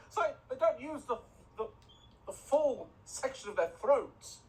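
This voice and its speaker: A man's voice: sits high, very animated, moderate pace, slight background noise, rough recording. A man streaming a game, giving mocking, exasperated commentary. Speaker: gaming streamer. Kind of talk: sarcastic reaction commentary.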